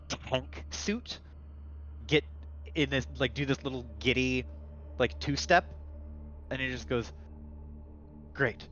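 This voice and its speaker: A man's voice: medium pitch, sharp tone. Rambling male game master, lo-fi. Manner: rambling, filler-heavy, restarts. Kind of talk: narrating a tabletop game.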